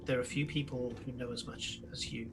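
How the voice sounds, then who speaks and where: A man voicing a calm, wise older female patron in a tabletop game, speaking softly and measured. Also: mid-range voice, pitched below the performer's own voice, close to an everyday voice. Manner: soft, measured, quiet.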